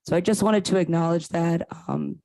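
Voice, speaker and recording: A teacher giving a calm, explanatory comment at a school board meeting, with some fillers. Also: medium pitch, normal speed, poor audio.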